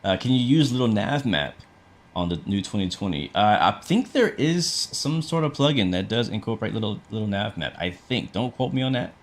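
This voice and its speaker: Low-voiced man casually streaming a flight sim. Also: big pitch swings, normal speed. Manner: chatty, talks through each step, answers chat; frequent fillers and restarts. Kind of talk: casual livestream commentary.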